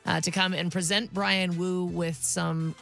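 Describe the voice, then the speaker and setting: A woman's voice: fairly low pitch, little pitch movement, a little slow, vocal fry, fairly bright tone, soft background music. A woman co-hosting sports radio in a studio, chatting upbeat and telling a story in casual banter. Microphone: studio mic.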